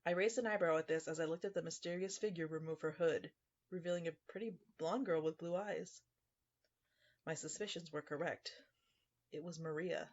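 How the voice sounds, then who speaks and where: A man's voice: on the high side, muffled recording. Male narrator telling a dry horror story. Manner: dry, sarcastic first-person storytelling.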